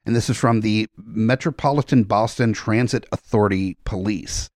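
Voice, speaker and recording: A man's voice: lowish voice, moderate pace, darkish tone, no room sound, clean studio sound. A man co-hosting a casual comedy podcast, reading out a police report with joking asides. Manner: joking, reads a news story aloud with asides. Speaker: podcast co-host.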